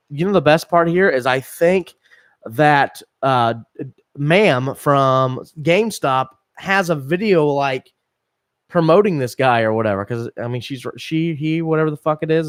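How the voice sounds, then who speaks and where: A man's voice: mid-range voice, unhurried, dry recording. A man in his thirties co-hosting a podcast, telling crude stories with lots of swearing and laughter. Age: 30s. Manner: profane, laughing, animated storytelling. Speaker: podcast co-host. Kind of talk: crude casual banter.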